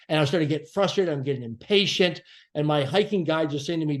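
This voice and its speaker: A man with a fairly high voice speaks as a podcast guest. He tells his story earnestly and reflectively, easing off the pace whenever he wants a phrase to land. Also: moderate pace.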